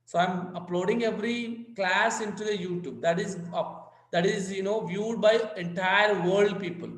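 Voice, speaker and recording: High-pitched and steady in tone, a man teaches physics online over a video call at a moderate pace. A native Telugu speaker with an Indian English accent, he repeats himself and speaks directly to his students; the room echoes and the audio is poor.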